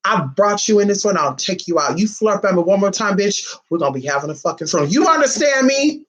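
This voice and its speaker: A woman's voice: medium pitch, animated, fast, natural voice. A man acting out his fierce mother, threatening and profane as she scolds. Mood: furious. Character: fierce no-nonsense mother, furious.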